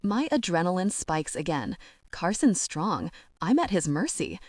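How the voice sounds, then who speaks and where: A woman narrating a first-person romance audiobook in an intimate, measured reading. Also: lowish voice, big pitch swings, a little mellow, no room sound, clean studio sound.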